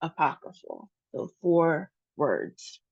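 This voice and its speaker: Slow, patient American woman teaching pronunciation. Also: low voice, sing-song, a little mellow, lo-fi sound. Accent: General American. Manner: patient, over-articulates example words.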